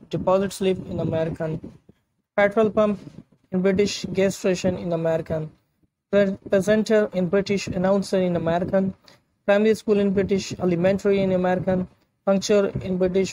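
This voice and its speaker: High-voiced man reading a word list. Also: background noise. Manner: measured, list-like delivery with repeated phrasing. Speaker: language teacher.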